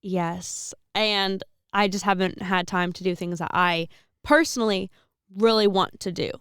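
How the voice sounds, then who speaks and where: A woman's voice: mid-range voice, steady tone, unhurried, fairly bright tone, smooth, dry recording, studio quality. A woman in her twenties, a seminarian co-hosting a podcast, chatting casually with frequent laughs and rambling restarts. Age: 20s.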